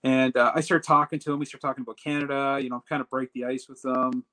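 A man telling a personal story in a casual, animated way, acting out the dialogue as he goes. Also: medium pitch, quick pace, rough recording. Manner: animated retelling that acts out quoted dialogue. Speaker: storyteller recounting a personal trip.

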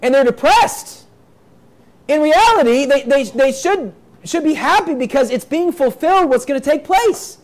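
In an extremely high-pitched, animated voice at a moderate pace, a man delivers a sermon. He reads scripture, explains it plainly and emphatically, repeats his points, and acts out quoted voices.

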